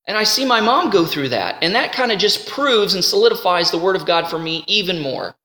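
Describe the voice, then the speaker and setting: A man teaching a sermon in a conversational, animated way, slowing down to read scripture. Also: sits high. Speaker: Bible teacher. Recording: roomy hall with long reverb.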